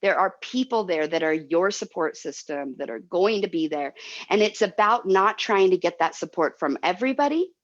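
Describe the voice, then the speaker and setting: A woman's voice: lowish voice, expressive, normal speed, highs cut off. A woman guest speaking in a heartfelt, emotional way, often repeating herself as she explains. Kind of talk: heartfelt motivational talk.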